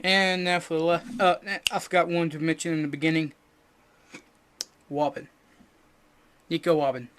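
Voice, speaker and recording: A young man co-hosting a podcast, ranting crudely and jokingly, swinging from loud bursts to mumbled asides. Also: a little high, steady tone, brisk, hardly any pauses, noisy background. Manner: loud, jokey and profane, drops to mumbling asides. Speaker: podcast co-host. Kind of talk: casual crude rant.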